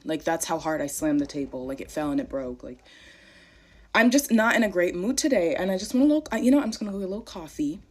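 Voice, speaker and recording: A woman's voice: fairly low pitch, slight background noise. A young woman ranting casually to camera, irritated and dramatic, swearing often. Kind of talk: casual vlog rant.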